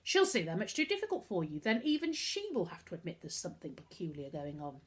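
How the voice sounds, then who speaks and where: A woman's voice: fairly low pitch, wildly swooping pitch, fast. A woman reading aloud and voicing a hot-tempered, scornful boy who protects his younger brother, speaking sulkily and indignantly. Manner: indignant, sulky.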